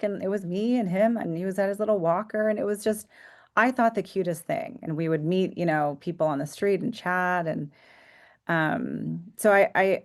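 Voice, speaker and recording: A woman psychotherapist talking reflectively in a podcast interview, sometimes dropping to a hushed voice. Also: low voice, vocal fry. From United States. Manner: reflective, soft-spoken, drifts into hushed tones. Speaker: psychotherapist guest.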